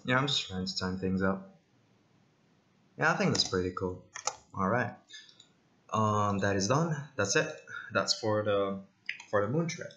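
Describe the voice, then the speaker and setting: A man casually talking through a software tutorial, thinking aloud with many ums and side jokes. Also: fairly low pitch, a little slow. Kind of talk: casual screen-recorded tutorial.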